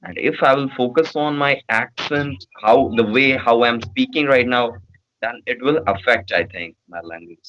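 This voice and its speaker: A man's voice: mid-range voice, moderate pace, a bit bright, muffled recording, slight background noise. A man from Bihar with an Indian accent, answering interview questions in a hesitant way with many fillers. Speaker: guest.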